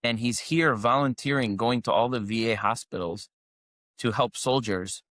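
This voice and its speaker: At normal speed, this man's mid-range, fairly bright voice comes through at studio quality with no room sound. Co-hosting a podcast, he chats casually and rambles through a story full of fillers and restarts.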